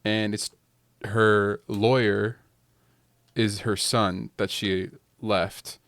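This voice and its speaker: Young male panelist, smooth low voice, dry close sound; a rambling storyteller who acts out the characters' lines. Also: level tone, very slow, fairly bright tone, dry recording. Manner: rambling storyteller, leans heavily on "like". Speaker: podcast panelist. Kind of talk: casual chat, retelling a movie plot.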